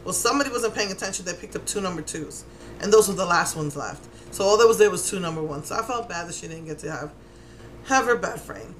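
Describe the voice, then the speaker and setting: A middle-aged woman with a New York Puerto Rican accent, telling a story in a casual, animated way and acting out what people said. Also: lowish voice, fast, a little hiss or hum. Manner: animated, exasperated, acts out quotes. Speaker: vlogger.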